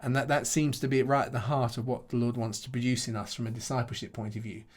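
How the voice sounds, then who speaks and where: A middle-aged man, a pastor answering questions after a teaching session in a halting, thoughtful way, restarting often and chuckling between points. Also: medium pitch, little pitch movement.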